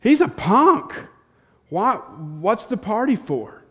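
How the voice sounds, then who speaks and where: A man voicing a resentful older brother, loud and scornful in his complaints. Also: mid-range voice, expressive, unhurried. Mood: indignant.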